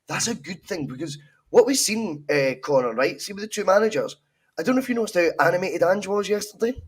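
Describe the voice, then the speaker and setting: A Scottish man co-hosting a podcast, talking football in a casual, opinionated and animated way, swearing freely. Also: high-pitched, fairly quick, slightly rough. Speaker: podcast co-host.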